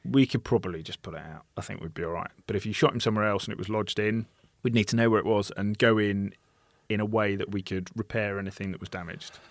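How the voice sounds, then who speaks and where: A man's voice: fairly low pitch, fast, hardly any pauses, no echo. A man who works as a surgeon, explaining medical procedures in plain terms during casual chat. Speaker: surgeon guest.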